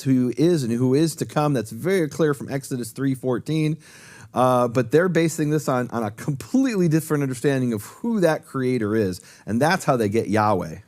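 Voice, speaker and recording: On a talk show, a man who teaches Hebrew gives a detailed, emphatic explanation. His voice is medium in pitch with a darkish tone, and he lectures earnestly, hammering home key points through repetition.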